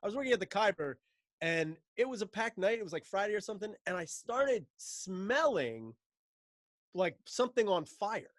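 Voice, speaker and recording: High-voiced ranting man, dry sound. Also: big pitch swings, moderate pace, a bit bright, dry recording. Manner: ranting, mocking, swears often, laughs mid-sentence. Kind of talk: casual profane chat.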